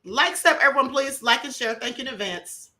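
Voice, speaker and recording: Bright high-voiced woman hosting a livestream. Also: lively intonation, a little fast. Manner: chatty, emphatic, checks in with the audience. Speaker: live stream host. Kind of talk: casual commentary livestream. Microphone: computer mic on live stream.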